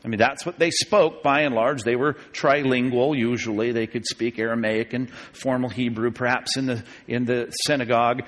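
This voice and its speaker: A man's voice: medium pitch, fairly even intonation. Man lecturing in a reverberant hall. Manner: emphatic, stretching key words slowly; digressive, with fillers and chuckles. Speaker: Bible teacher. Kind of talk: classroom lecture on scripture.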